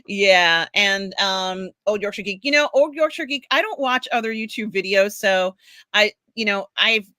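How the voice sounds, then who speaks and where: Bright-voiced woman, dry close sound. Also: medium pitch, no room sound. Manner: rambling, many ums, reads out viewer comments. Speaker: podcast host reading chat. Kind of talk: casual chat.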